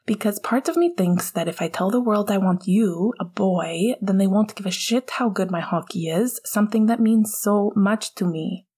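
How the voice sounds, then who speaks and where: A woman voicing an anxious, apologetic young male hockey captain in a whispered role-play, with a breathy, pleading tone. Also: medium pitch, normal speed, few pauses, darkish tone, close to an everyday voice. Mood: hushed pleading.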